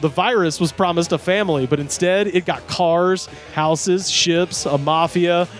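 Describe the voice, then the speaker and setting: A man with a fairly high voice reads listener comments aloud on a comedy podcast, breaking into laughs between lines. Faint music sits behind him. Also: a little slow. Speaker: podcast host.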